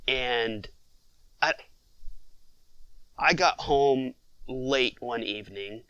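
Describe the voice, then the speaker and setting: A man, a father of six, telling a family story in a relaxed podcast interview, with lots of fillers. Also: mid-range voice, very slow, smooth, dry recording, dull audio. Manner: conversational, many fillers, reflective storytelling.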